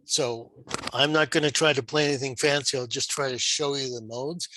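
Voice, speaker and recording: Male guitar tutor, middle pitch, patient and methodical, crisp dry home-mic sound. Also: fairly even intonation, moderate pace, sharp tone, no echo, poor audio. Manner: patient, explanatory, with fillers and rhetorical questions. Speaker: guitar teacher. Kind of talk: screen-shared music lesson.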